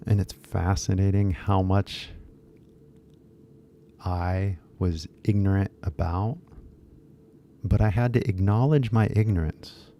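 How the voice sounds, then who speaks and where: A man's voice: deep voice, dark tone, slight background noise. A man with an American accent giving a casual, rambling English pronunciation lesson, repeating key words for emphasis. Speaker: English teacher.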